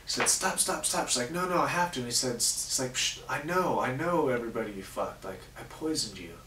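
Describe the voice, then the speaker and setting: A man's voice: medium pitch, expressive, quick pace, pushed and bright, roomy sound, distant mic, a little hiss or hum. A man hosting a comedy show, telling crude jokes in a casual, swearing monologue. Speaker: host.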